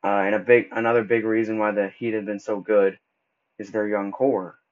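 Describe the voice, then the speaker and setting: A man with a fairly low voice hosts a solo podcast in a loose, casual way. He stumbles and backtracks over his words and drops in relaxed slang. The recording sounds dull and lo-fi. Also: normal speed. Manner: casual, stumbles and restarts often; laid-back slang like bro and dude. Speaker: podcast host.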